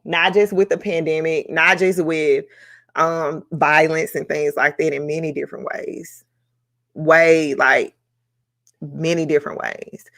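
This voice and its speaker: A woman hosting a book club discussion on a live stream, speaking in a reflective, emotional way with many pauses and fillers. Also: sits low, fairly even intonation, gravelly, fairly bright tone.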